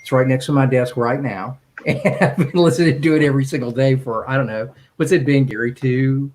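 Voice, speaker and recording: A man's voice: mid-range voice, a little fast, darkish tone, rough recording. A man telling a rambling, enthusiastic story as a guest on a video call, with frequent restarts. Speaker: guest, music streaming executive.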